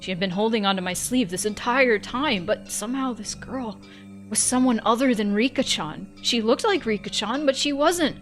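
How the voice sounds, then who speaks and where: A woman streamer narrating a visual novel in first person, reading expressively and breaking off for joking asides. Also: medium pitch.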